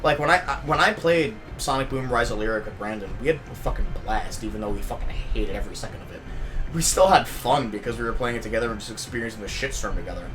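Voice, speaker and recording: A man's voice: mid-range voice, fast talker. A young man hosting a casual gaming podcast, ranting emotionally and swearing often. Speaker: podcast host. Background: music.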